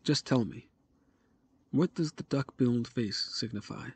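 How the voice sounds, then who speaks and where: A man voicing a haughty male noble envoy who speaks brusquely and gruffly. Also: mid-range voice, measured pace, heavily acted. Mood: curt.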